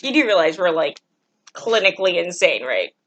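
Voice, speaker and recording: A woman co-hosting a casual show-and-tell chat, playful and excitable, joking as she goes. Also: lowish voice, normal speed, slight background noise. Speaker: co-host.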